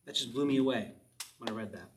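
A man's voice: medium pitch, fast talker, distant mic, a little hiss or hum, rough recording. A man preaching a casual sermon, reading a psalm and explaining it in a chatty way, asking his listeners questions and often chuckling. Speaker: pastor.

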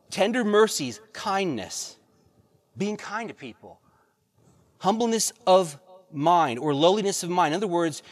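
A pastor preaching a sermon, reading verses and pressing the congregation with rhetorical questions and repeated phrases. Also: male voice, fairly high pitch.

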